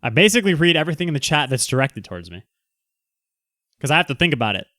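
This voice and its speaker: A man's voice: fairly high pitch, sing-song, fast, bright, forceful tone, no echo, clean studio sound. A man hosting a casual livestream, reading the chat aloud and answering in a brash, teasing, joking way. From Southern California.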